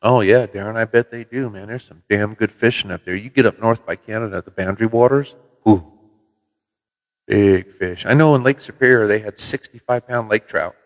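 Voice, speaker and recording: A middle-aged man from Minnesota hosts a casual livestream from his CB radio shop, spinning relaxed, folksy stories with the odd swear word. His voice sits a little low. The room gives it a long, hall-like reverb. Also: normal speed. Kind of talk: casual livestream chat with viewers. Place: CB radio shop in New Mexico.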